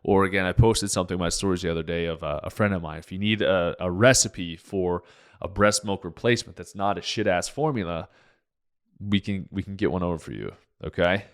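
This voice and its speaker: In a podcast monologue, a man who hosts his own show as a naturopathic doctor rants in a fired-up way, swearing freely. He jumps from topic to topic with many restarts, speaking briskly in a deep voice.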